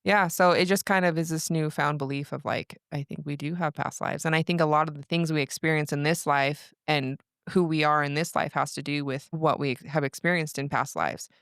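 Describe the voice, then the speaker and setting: A woman's voice: low-pitched, steady tone, fairly quick, vocal fry, few pauses, a bit bright, clean tone, no room sound, clean studio sound. A young adult woman, a podcast guest, telling a personal story in casual chat, rambling with lots of "like" and restarts. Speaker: podcast guest, breathwork practitioner.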